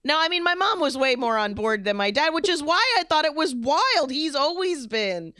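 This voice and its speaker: A woman co-hosting a podcast, telling stories in an animated, profane, casual way. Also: high voice, normal speed, no room sound, clean studio sound. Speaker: podcast co-host. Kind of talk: casual chat.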